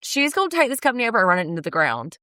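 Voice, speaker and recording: A woman co-hosting a casual chat, retelling events in an animated, emphatic way and swearing freely. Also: on the high side, very fast, no room sound, studio quality. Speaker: podcast co-host. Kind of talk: casual chat recapping a reality show.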